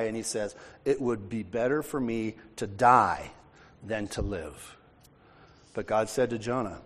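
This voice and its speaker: A man from the United States preaching a sermon, reading scripture aloud and then explaining it in a conversational way. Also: medium pitch. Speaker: pastor. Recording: long hall reverb.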